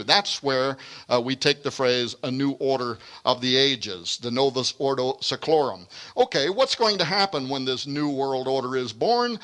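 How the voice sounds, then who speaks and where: Bright-voiced man lecturing emphatically. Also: mid-range voice. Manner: emphatic, dramatic stresses, rapid asides. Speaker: speaker giving a lecture. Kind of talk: lecture with read-aloud quotations.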